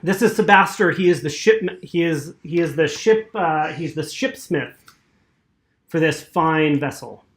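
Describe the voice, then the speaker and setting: A man voicing a slight, proud dwarf shipbuilder who talks rapidly and eagerly. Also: a little high, lively intonation. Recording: roomy echo.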